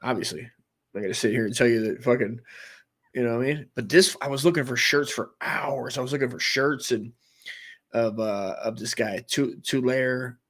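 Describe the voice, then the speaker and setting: A man's voice: mid-range voice, moderate pace, a bit bright, no echo, clean studio sound. A man in his forties doing a crude, rambling comedic monologue, trailing off and restarting as he goes. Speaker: comedy podcast host.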